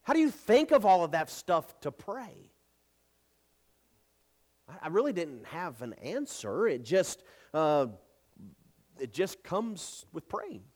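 A man's voice: sits high, sing-song, slow pace, long pauses, a little mellow. A man in his thirties preaching a sermon, building to emphatic repeated lines and turning chatty with stumbles when telling family stories. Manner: repeats words when speaking casually. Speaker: pastor.

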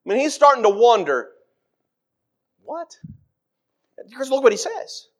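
A middle-aged man delivers a sermon in a voice pitched well above most men's. His delivery leaps up and down, acting out scripture quotes with dramatic swings in pitch and loudness. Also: big pitch swings, fast talker. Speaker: preacher.

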